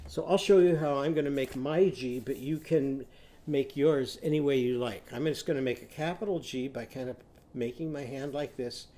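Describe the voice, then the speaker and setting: A man teaching a children's lesson, talking gently and encouragingly straight to young students. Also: medium pitch.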